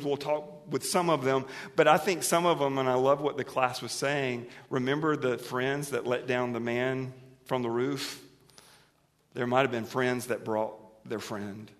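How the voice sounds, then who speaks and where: A male pastor preaching in a church sanctuary, his voice carrying a long hall reverb. He swings from hushed, lingering phrases to loud, emphatic bursts. He often asks the congregation questions and has them repeat words with him. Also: mid-range voice. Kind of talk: sermon.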